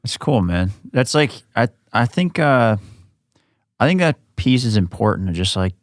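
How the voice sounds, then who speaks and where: A thirty-year-old man hosting a podcast, chatting in a relaxed, affirming way with loose run-on thoughts. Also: medium pitch, moderate pace, no room sound. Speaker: podcast host. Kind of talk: casual interview chat.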